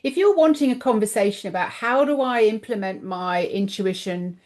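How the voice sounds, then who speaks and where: Chatty woman guest, lively storyteller. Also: mid-range voice, moderate pace. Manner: chatty and animated, acts out quoted voices. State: voice tiring, clears throat. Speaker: guest, intuitive coach and author. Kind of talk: casual podcast interview.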